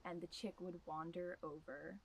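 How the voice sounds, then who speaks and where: Soft-spoken gravelly young woman. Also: fairly low pitch, steady tone, normal speed, a little hiss or hum, low-quality recording. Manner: soft-spoken, rambling, many likes and ums. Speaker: student researcher. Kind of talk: casual storytelling.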